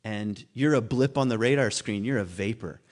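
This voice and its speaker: A man's voice: lowish voice, normal speed, darkish tone. A man giving a loose, conversational talk at a spiritual community. He muses aloud, laughs at himself and restarts his thoughts often. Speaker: guest speaker at a spiritual community. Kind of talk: informal sermon talk.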